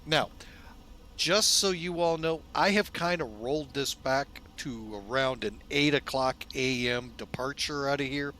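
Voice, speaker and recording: A man hosting a flight simulator video in a casual, folksy way, relaxed and loose with lots of fillers, often speaking to viewers as folks. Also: mid-range voice, measured pace. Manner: chatty, folksy, keeps calling viewers "folks". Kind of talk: casual narrated simulator walkthrough.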